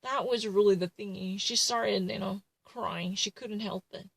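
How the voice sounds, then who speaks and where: A woman's voice: medium pitch, fairly even intonation, unhurried, vocal fry, husky, dry recording, rough recording. A woman retelling a true crime case in casual commentary, rambling and full of fillers and self-corrections.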